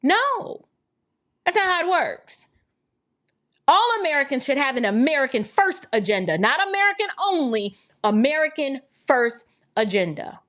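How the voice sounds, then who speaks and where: A woman's voice: high-pitched, very animated, normal speed, a bit bright. A woman hosting an opinion podcast, talking emphatically and preachily with rhetorical questions, and reading viewer chats. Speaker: podcast host.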